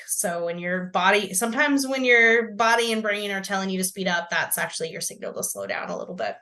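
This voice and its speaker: A woman's voice: mid-range voice, expressive, a little fast, hardly any pauses, sharp tone. A woman psychotherapist in her thirties, talking casually as a podcast guest, with frequent fillers like "you know" and "like.". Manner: chatty, many fillers and laughs.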